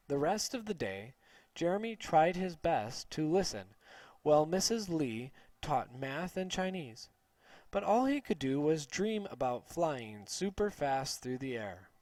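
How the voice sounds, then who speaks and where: A man reading a children's story aloud slowly and clearly for English learners. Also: a little high, no echo. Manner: slow, clear, expressive.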